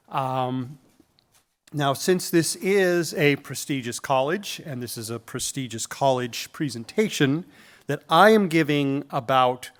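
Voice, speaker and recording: A man's voice: mid-range voice, a bit bright. An older man giving a conference keynote in a lecture room, emphatic and jokey, often ending his points with a questioning "okay?". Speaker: keynote speaker.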